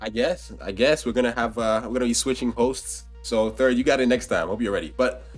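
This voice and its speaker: A man's voice: mid-range voice, fairly quick. Young man, scratchy voice, joking, profane, casual podcast chat, faint music behind. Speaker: podcast co-host.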